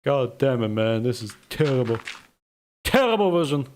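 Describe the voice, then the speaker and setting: A man's voice: mid-range voice, very animated, normal speed, darkish tone, a little hiss or hum. A man from the Balkans, streaming a game and chatting casually, grumbling and rambling as he laughs at himself.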